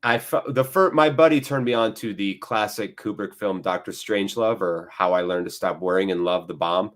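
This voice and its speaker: Excitable man hosting a football watchalong. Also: fairly low pitch, moderate pace. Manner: excitable, jumps between play-by-play and rambling asides. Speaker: host of a live football watchalong. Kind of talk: casual live match commentary and chat.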